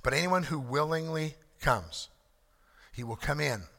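A man's voice: a little high, measured pace, gravelly, pushed and bright, long reverb tail. A man preaching a sermon, earnest and emphatic, repeating key phrases as he explains a scripture passage. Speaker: pastor.

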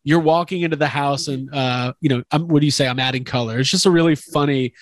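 A young man hosts a casual interview and asks long, excited questions that loop back on themselves. His voice sits a little high for a man. The sound is close and dry. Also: fast, no room sound. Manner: enthusiastic, rambling questions with frequent restarts. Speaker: podcast host interviewing an actor.

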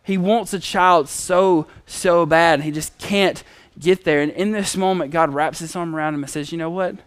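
Male preacher, relaxed conversational sermon, high clear voice. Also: normal speed, no room sound. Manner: conversational storytelling with acted quotes.

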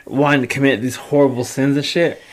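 A man's voice: mid-range voice, flat delivery. A man, a podcast co-host telling profane stories in casual chat. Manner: profane, rapid storytelling.

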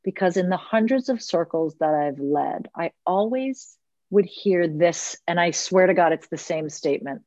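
Earnest low-voiced woman on a dull line. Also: animated, a little mellow, no echo. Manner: earnest, unhurried, stretches key words. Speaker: guest, leads women's circles. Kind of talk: reflective podcast conversation.

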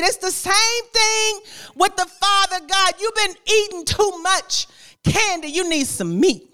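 A woman's voice: very high voice, measured pace. A woman preacher delivering a sermon in a conversational style, repeating phrases, laughing often and talking straight to the congregation. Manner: conversational, lively preaching with repetition and frequent laughter; addresses the congregation directly.

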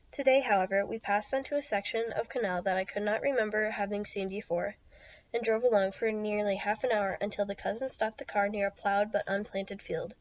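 A woman's voice: medium pitch, a little mellow, highs cut off. A woman hosting a book review podcast, reading passages aloud steadily and plainly, with small slips now and then.

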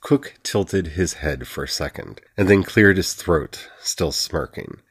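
A man narrating a fantasy audiobook in an even, steady reading. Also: low-pitched, slow, few pauses, breathy edge.

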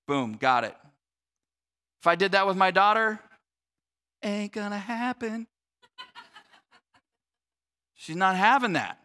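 Bright high-voiced male preacher. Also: in a large hall. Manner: earnest, repeats words as he builds, drops to a soft low voice for reflection. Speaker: pastor. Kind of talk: sermon.

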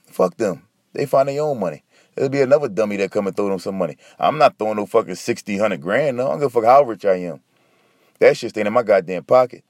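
A man's voice: mid-range voice, a little mellow, no room sound, clean studio sound. A man hosting a podcast alone, talking casually and ranting with lots of profanity. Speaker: podcast host. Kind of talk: casual solo podcast monologue.

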